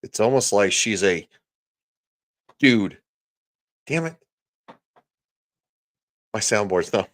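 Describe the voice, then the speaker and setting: A man with a lowish voice rants through a livestream in a sarcastic, crude manner. He breaks off to read viewers' chat comments aloud. The recording is dry and close, with no room sound. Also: expressive, slow pace, pauses often, fairly bright tone, no echo. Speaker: livestream host.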